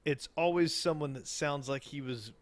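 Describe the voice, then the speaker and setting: Southern guy cohosting a podcast, crude and jokey, kinda high-pitched. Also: moderate pace. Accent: Southern American. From American South. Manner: crude, joking, slips into mock voices. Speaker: podcast co-host. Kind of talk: casual podcast chat.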